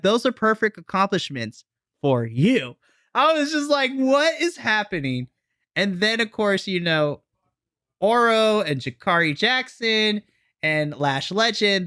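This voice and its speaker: A man talks fast and animated on a casual podcast, acting out the quoted reactions as he recaps the show. His voice sits a bit high and sounds bright and forward. The recording is dry and close, with no room sound. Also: dry recording. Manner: excitable, animated storytelling with quoted asides. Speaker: podcast co-host. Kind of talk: casual wrestling recap chat.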